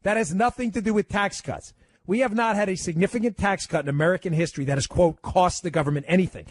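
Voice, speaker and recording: A man guest-hosting a talk radio show, taking calls and making his points with rapid-fire emphasis. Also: high voice, no room sound.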